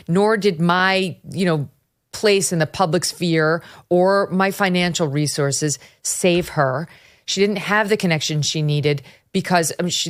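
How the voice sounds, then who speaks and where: A woman in her fifties hosts a political talk show, speaking with emphatic, impassioned force and the odd curse. Her voice sits a little low for a woman. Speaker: host.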